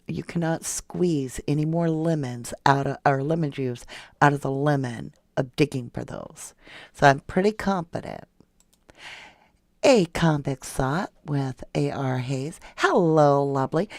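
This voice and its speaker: True crime livestream host, chatty, sarcastic, reads viewer comments, middling pitch, dry close mic. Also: gravelly, a little mellow, no echo. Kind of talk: casual live-chat commentary.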